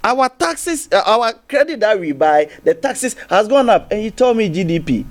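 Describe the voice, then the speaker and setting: Ghanaian guy on a tv panel, high voice, swings up and down a lot, keeps restarting. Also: moderate pace. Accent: Ghanaian English. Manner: animated, repetitive restarts, rhetorical questions. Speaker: political panel guest. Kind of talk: heated TV panel debate.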